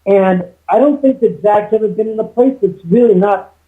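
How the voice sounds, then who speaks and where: Male guest on a phone line, high-pitched, rambling storyteller full of restarts. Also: moderate pace. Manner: rambling with many restarts and quoted dialogue. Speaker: guest, homeowner. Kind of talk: casual interview storytelling.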